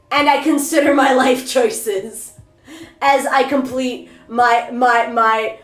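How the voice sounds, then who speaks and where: A woman streamer telling a story in a rambling, animated, self-deprecating way. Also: high-pitched, roomy sound. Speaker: VTuber streamer. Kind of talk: casual storytelling.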